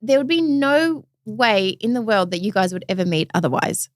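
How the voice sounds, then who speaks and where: A woman's voice: medium pitch, very animated, moderate pace, no echo, studio quality. A woman hosting a podcast interview, gushing and enthusiastic, with lots of "like" in her casual chat. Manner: gushing, enthusiastic, says "like" a lot. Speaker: podcast host.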